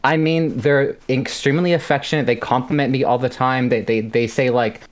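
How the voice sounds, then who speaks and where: A man's voice: medium pitch, steady tone, fairly quick. A man in his late twenties calling in for relationship advice, rambling and stammering, with plenty of swearing. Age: 20s. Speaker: caller. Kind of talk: call-in on a stream.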